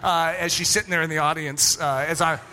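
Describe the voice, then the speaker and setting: A man telling a personal story in a sermon, animated and acting out both sides of remembered conversations. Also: on the high side, a little fast, a little hiss or hum.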